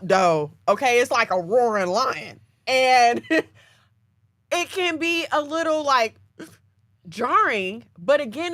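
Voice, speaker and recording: A woman's voice: sits high, a bit bright, dry recording, clean studio sound. A woman co-hosting a casual chat, explaining her view through everyday examples in a conversational way. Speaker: podcast co-host.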